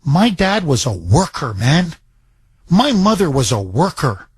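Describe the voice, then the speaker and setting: A man's voice: on the high side, very animated, measured pace, breathy edge, no room sound. A middle-aged man from Canada hosting a talk radio show, telling a personal story with emotion and emphatic indignation.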